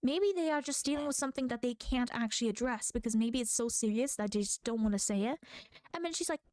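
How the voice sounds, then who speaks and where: A woman's voice: high-pitched, fast, darkish tone, no room sound. A woman VTuber streaming a game, chatting casually in a rambling, think-aloud way. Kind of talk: casual chat while playing a game.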